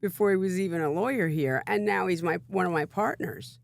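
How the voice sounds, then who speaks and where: A woman hosting an interview, encouraging her guest with quick interjections and frequent laughter. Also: lowish voice, gravelly, no echo. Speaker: podcast host. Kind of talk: casual interview chat.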